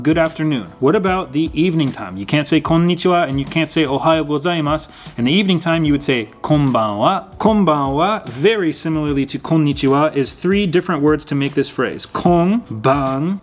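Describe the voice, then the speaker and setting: Young male teacher, clear and patient, mid-pitched voice, light music under. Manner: patient, repeats words slowly and clearly. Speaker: language teacher. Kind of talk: explaining lesson.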